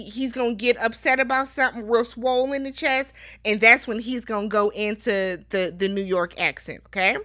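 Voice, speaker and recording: A young adult woman hosting a casual TV recap, giving sassy, animated commentary full of exclamations. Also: fairly high pitch. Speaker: recap show host. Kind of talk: casual chat recapping a TV show.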